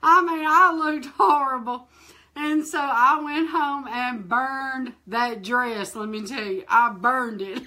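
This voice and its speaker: Slow, bright-voiced woman telling a testimony. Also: on the high side. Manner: animated, laughing, acts out quoted voices; colloquial, addresses listeners directly. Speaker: ministry host. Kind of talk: testimony storytelling in a fireside chat.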